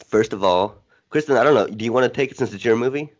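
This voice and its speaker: A man's voice: medium pitch, fast talker, dull audio. A man co-hosting a casual podcast, teasing and wisecracking. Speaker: podcast co-host. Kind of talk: casual chat.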